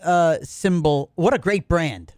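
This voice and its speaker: A man's voice: on the high side, slow, a little mellow, no echo, studio quality. A man co-hosting a talk radio show, chiming in with short replies and playful quips. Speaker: radio co-host. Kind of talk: casual talk radio chat.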